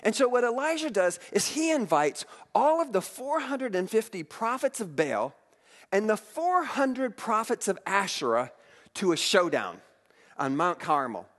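Brief: high-voiced male preacher, animated delivery, reverberant hall. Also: a little slow. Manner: animated, restarts often, reads scripture aloud. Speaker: pastor. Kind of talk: storytelling sermon.

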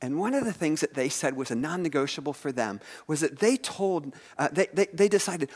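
A man preaching a sermon, retelling scripture stories in a lively way and asking his listeners questions. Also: a little high, fairly quick, hardly any pauses, husky. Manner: animated storytelling preacher, asks the audience questions. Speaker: pastor.

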